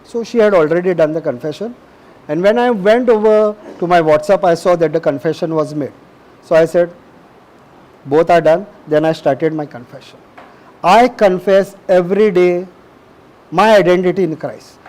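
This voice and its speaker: Middle-aged male preacher, high-pitched, emphatic and repetitive sermon delivery. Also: moderate pace, a little mellow, poor audio. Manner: emphatic, repetitive, asks the audience questions.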